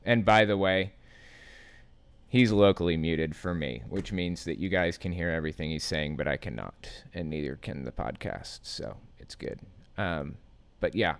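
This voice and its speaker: A man's voice: low voice, smooth. A man hosting a casual podcast, chatting with remote guests in an easygoing, reassuring way. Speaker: podcast host. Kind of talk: casual call-in podcast chat.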